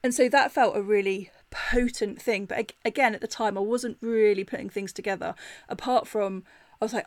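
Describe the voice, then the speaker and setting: A middle-aged woman, hosting a personal storytelling podcast in a chatty, animated way, full of "like" fillers. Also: mid-range voice, moderate pace, dry recording. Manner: animated retelling with laughs. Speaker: podcast host.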